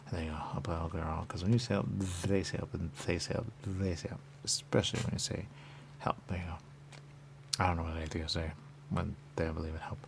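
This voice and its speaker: A very deep-voiced man with a gravelly, fry-filled voice rambles through a radio monologue. He repeats phrases over and over and jumps to sudden loud bursts. A faint hiss sits under his voice. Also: steady tone, fast talker. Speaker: radio host. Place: radio studio.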